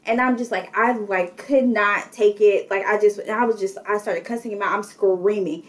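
A woman's voice: medium pitch, normal speed. Young woman rambling thru a story, chatty, lots of like like like. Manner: animated storytelling, many "like" fillers. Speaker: guest telling a travel story. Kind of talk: casual chat.

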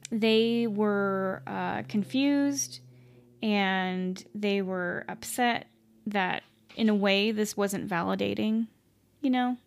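A woman's voice: medium pitch, slow pace, gravelly. Woman, storyteller, casual, rambling, fillers, at home. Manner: rambling, many fillers and self-corrections, casual swearing. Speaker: podcast host.

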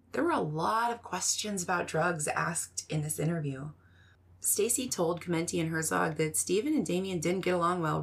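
A woman hosting a podcast, giving measured, scripted true-crime narration. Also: on the low side, gravelly, slightly rough.

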